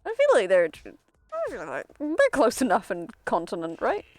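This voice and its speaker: A woman's voice: on the high side, huge pitch swings, moderate pace, darkish tone, soft background music. A woman streaming a video game, chatting casually in a rambling, self-interrupting way and laughing often.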